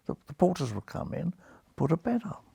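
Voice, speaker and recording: Gravelly old British man telling stories. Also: on the high side, a little fast, no echo. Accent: British English. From Britain. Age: 90s. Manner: lively raconteur, acts out quoted voices, chuckles. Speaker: retired surgeon, guest. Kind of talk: anecdotal storytelling in an interview.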